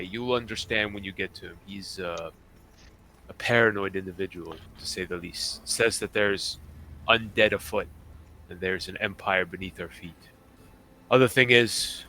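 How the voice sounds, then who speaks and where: A man voicing a gruff retired male pirate who now works as a warden, speaking in a dry, weary, slightly pompous way. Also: lowish voice, sharp tone, a little hiss or hum.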